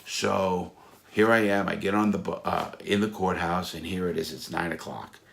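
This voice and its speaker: Gravelly low-voiced man telling stories. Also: normal speed, slight background noise. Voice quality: blunt, profane, animated storytelling. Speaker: storyteller recounting his past. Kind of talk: casual spoken anecdote. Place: Florida.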